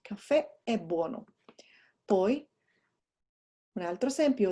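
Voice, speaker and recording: A woman teaching a language class to her students. Her voice is mellow and relaxed. She switches between English and slow example sentences, and keeps checking in with "right?". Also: mid-range voice. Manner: explains in English, drops into Italian examples, often asks "right?". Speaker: Italian teacher. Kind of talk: recorded online lesson.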